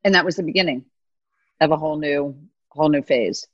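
Middle-aged woman chatting on a video call, kinda husky, dull lo-fi sound. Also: low voice, a little fast, dry recording. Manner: animated, quotes people in put-on voices. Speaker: guest, venture capitalist. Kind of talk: casual storytelling interview. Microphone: video call mic.

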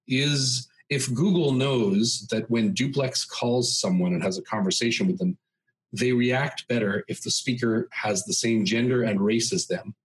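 A man's voice: mid-range voice, breathy edge, low-quality recording. A man talking as a podcast guest, telling long stories full of examples. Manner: expansive storyteller, dense with examples. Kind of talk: conversational podcast interview.

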